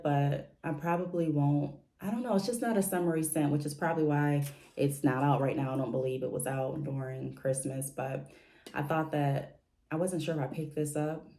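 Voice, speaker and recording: A woman talks casually to her viewers in a low, mellow voice. She rambles a bit, trailing off and restarting her thoughts with easygoing fillers, in a relaxed home-vlog manner. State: briefly out of breath after stairs. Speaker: vlogger.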